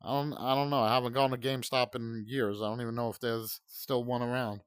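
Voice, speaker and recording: A man's voice: medium pitch, level tone, a little fast, clear, resonant tone, dry recording, studio quality. A man in his forties hosting a gaming channel, ranting in profane, heated, rambling commentary. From United States.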